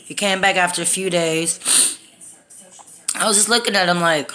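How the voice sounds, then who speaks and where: A woman's voice: on the low side, fairly even intonation, normal speed, bright, forceful tone. A woman from Texas, telling a personal story to her phone in a candid, profane, rambling way. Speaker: storytime vlogger. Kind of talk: casual storytime monologue.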